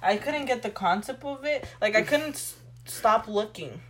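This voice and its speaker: A woman's voice: a little high, expressive, moderate pace, a bit bright, a little hiss or hum. A young woman co-hosting a casual chat, playful and filling her talk with "like". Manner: chatty, playful, lots of "like". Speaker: podcast co-host.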